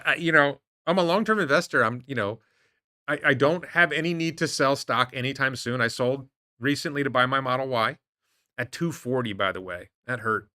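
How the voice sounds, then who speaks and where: A man of medium pitch and sharp tone hosts an investing livestream from home in Thailand. Answering chat, he gives rambling, opinionated takes punctuated by incredulous rhetorical questions, all captured in a dry, clean studio recording.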